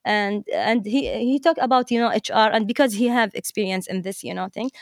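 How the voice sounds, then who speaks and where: A woman's voice: mid-range voice, a little fast, no room sound. Woman, Arabic speaker, storytelling teacher, chatty, repeats words, dry close sound. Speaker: teacher, interview guest. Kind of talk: storytelling anecdote.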